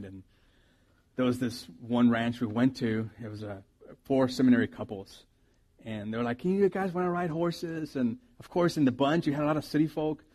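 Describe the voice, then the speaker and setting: A middle-aged man, a pastor, preaching a sermon with animated storytelling, his loudness swinging from soft asides to loud bursts. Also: medium pitch.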